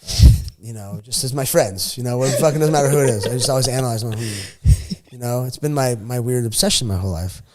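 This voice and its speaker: A man talking casually as a podcast guest, telling a story with lots of swearing and sudden jumps in pitch and volume. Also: fast, few pauses, a crowd in the background. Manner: profane, animated, acts out quotes with big pitch and volume swings. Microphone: studio podcast mic.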